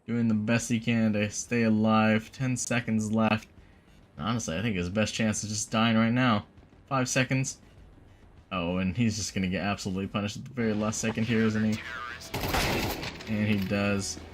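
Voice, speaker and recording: A man's voice: fairly low pitch, normal speed, slight background noise. A man calling a college esports final play by play, his voice jumping up on big plays. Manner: excitable, rises sharply on big plays. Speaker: esports caster. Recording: game gunfire and clicks behind the voice.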